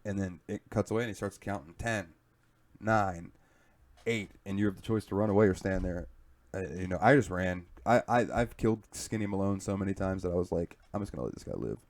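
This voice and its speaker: Casting: deep-voiced southern guy, podcast co-host, loose profane storyteller. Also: fairly even intonation, fairly quick, darkish tone. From southern United States. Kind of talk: casual chat.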